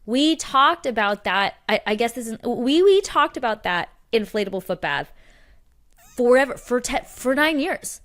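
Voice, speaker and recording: A woman's voice: fairly high pitch, animated, normal speed, fairly bright tone. A young adult woman co-hosting a podcast, telling stories in a casual chat with lots of fillers and restarts. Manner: chatty storyteller, many fillers and restarts. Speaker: podcast co-host.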